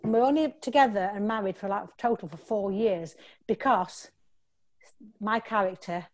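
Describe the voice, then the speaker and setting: A woman's voice: mid-range voice, moderate pace. A woman actress talking in a casual interview, rambling and restarting as she tells stories. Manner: rambling, restarts often, animated storytelling.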